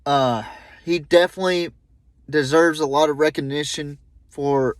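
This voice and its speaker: A young man hosting a podcast, talking haltingly with many fillers and restarts, openly emotional. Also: on the high side, steady tone, dry recording. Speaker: podcast host. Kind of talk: solo tribute podcast talk.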